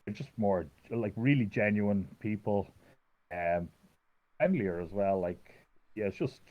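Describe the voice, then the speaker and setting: Irish guy, lowish voice, rambling storyteller, dull lo-fi podcast sound. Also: a little slow. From Ireland. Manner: rambling, heavy use of "like". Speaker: podcast guest. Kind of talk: casual storytelling chat.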